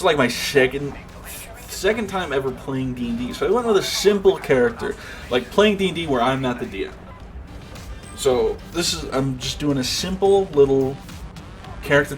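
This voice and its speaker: A man streaming a game, chatting casually and rambling with lots of fillers and restarts. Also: medium pitch. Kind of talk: casual chat while gaming. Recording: game noise in background.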